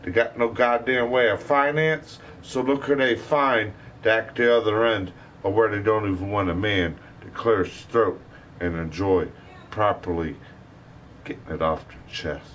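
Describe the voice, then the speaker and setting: A man's voice: fairly low pitch, fairly even intonation, measured pace, a bit bright, slight background noise. A man ranting bitterly to his live stream, full of cursing and rambling complaints.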